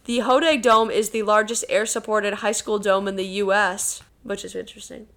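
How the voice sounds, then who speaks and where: A woman co-hosting a podcast in casual chat, chatty and quick to laugh. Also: medium pitch, fairly even intonation, a bit bright. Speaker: podcast co-host.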